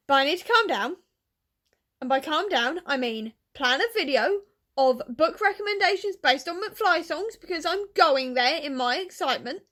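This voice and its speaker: A woman book vlogger chatting casually, gushing and tearful with excitement, full of fillers. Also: high-pitched. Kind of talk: casual vlog chat.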